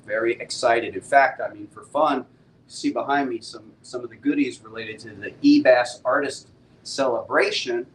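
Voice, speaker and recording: A middle-aged man talks casually with his viewers on a live stream, upbeat and full of laid-back slang. His voice sits in an ordinary mid range. A faint rumble hums underneath. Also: moderate pace, poor audio. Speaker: comic book publisher hosting a live stream.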